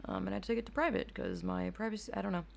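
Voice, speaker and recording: A young woman hosting a casual solo podcast from home, rambling through animated asides and swearing freely. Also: medium pitch, quick pace, vocal fry. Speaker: podcast host. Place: home room at a computer. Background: keyboard clacking.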